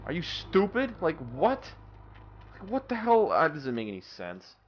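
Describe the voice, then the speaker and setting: A man's voice: on the high side, huge pitch swings, a little slow, dull audio, faint music behind. A young man swearing and ranting in exasperation as he comments on his own gameplay. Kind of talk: let's-play commentary.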